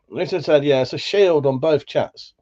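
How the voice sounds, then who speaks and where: A man with a Buckinghamshire accent hosting a livestream, reading out chat in a relaxed, sweary way, laughing often, his voice slightly worn. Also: a little high, slow, dull audio. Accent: Buckinghamshire English. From England. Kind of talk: casual chat.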